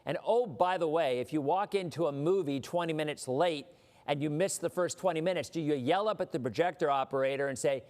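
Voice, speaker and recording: A man's voice: a little high, a little fast, a little mellow. A man hosting a weather livestream, chatting casually in a rambling way with mock-indignant asides.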